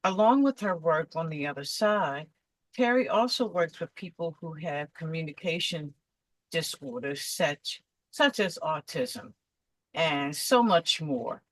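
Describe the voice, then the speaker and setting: An eager woman hosts an interview with a lowish voice. The sound is dry and close, and she speaks with effusive enthusiasm. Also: lively intonation, unhurried, dry recording, low-quality recording. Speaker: interview host. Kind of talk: enthusiastic introduction and chat.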